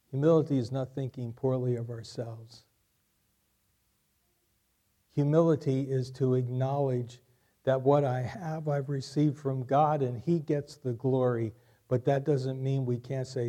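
A male pastor delivers a sermon in a voice of ordinary pitch for a man. He works through rhetorical questions and often says a key line twice. His preaching moves at a measured pace. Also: fairly even intonation, mellow. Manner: repeats key lines, asks rhetorical questions.

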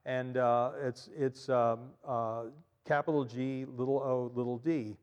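A man preaching a sermon in a church, animated, often repeating and stressing his points, with frequent fillers. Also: medium pitch, a little slow, big-room sound. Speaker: pastor.

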